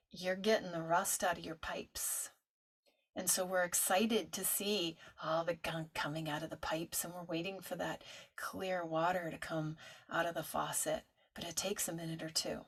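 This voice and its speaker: A woman teaching a vocal toning practice, talking listeners through it in a gentle coaching way and showing the sounds herself. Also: steady tone, moderate pace, slightly rough. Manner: gentle coaching, demonstrates high owl-like hoo tones. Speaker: meditation teacher. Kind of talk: guided toning instruction.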